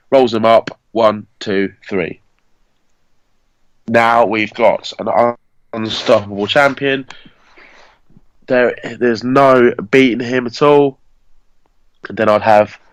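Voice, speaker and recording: A man's voice: mid-range voice, clear, resonant tone, dry recording, low-quality recording. A man, hosting a podcast and chatting casually as he rambles through a story and corrects himself along the way. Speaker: podcast host. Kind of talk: casual fantasy-booking chat.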